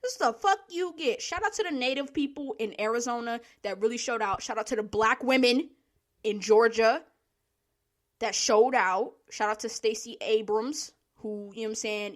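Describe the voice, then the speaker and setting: A woman hosting a solo podcast, ranting in a blunt, profane, heated way, with sighs and laughs between her points. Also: on the high side. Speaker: podcast host.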